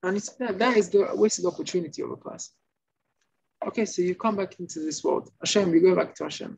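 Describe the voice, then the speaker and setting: A male rabbi giving an informal Torah class, telling stories and acting out the shouting characters. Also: high voice, a little fast, vocal fry. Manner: animated storytelling, acts out shouting characters. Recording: slightly muffled recording with faint noise.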